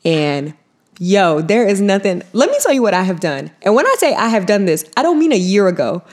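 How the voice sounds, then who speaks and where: A woman's voice: mid-range voice, sing-song, brisk, a little mellow. A woman co-hosting a podcast, talking in a blunt, profane, storytelling way in casual chat. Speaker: podcast co-host.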